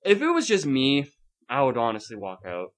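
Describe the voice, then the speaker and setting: A man's voice: mid-range voice, normal speed. A man hosting a podcast, ranting about a night at the movies in casual chat and swearing freely. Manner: ranting, swearing, animated storytelling. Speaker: podcast host.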